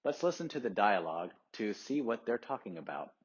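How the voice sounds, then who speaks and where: A man's voice: on the low side, very animated, brisk, husky. A man teaching English, guiding students step by step through a textbook listening exercise. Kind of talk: classroom instruction. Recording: dull lo-fi recording.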